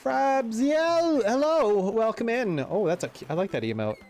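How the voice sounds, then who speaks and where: A man's voice: high-pitched, expressive, a little slow, darkish tone, faint music behind. A male game streamer chatting casually on a live stream, joking and reading game dialogue aloud.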